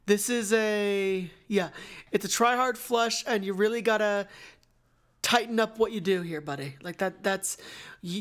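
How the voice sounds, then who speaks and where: A woman speaking casually and frankly as she reviews a film. She jokes easily and slows down to a measured pace when she weighs up her opinion. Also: mid-range voice. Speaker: podcast co-host.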